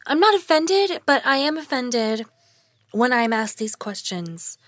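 A woman with a high-pitched but raspy voice chats and jokes with dry asides. She sits close to the mic in a dead, dry room. The talk is loose and casual. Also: very animated, a little slow, a bit bright, no echo. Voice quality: raspy, unusual low-sounding texture. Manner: laughing, playful, dry asides. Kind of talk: casual chat.

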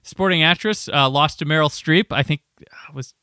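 A man hosts a film podcast in a bright, forceful, crisp voice, rambling through anecdotes and asides. The sound is dry and close, with almost no room. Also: fairly high pitch, normal speed, no echo. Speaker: podcast host. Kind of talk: casual film chat.

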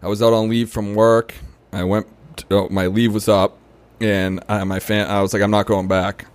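A man's voice: lowish voice, little pitch movement, moderate pace, no echo. A young adult man, telling his recovery story in casual talk, full of "you know" and "right?". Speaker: podcast guest.

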